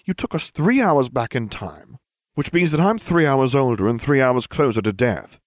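A man's voice: mid-range voice, expressive, moderate pace, dry recording, clean studio sound, voice pushed up, lightly acted. A man voicing a smug, condescending teenage boy wizard in an audiobook reading. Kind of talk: audiobook fan fiction reading.

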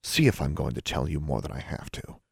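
Man doing a young witch, deep and gravelly read, dry and sarcastic. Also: big pitch swings, brisk, no echo, full character voice. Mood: dry, wry. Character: young witch, sardonic and blunt. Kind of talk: audiobook character voice.

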